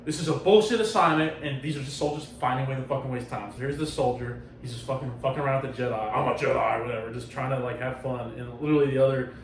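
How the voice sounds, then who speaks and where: A man with a medium-pitched voice hosts a casual podcast, talking fast with few pauses as he animatedly retells a comic book story. He swears a lot and acts out quotes, and the distant mic gives a roomy sound with faint noise.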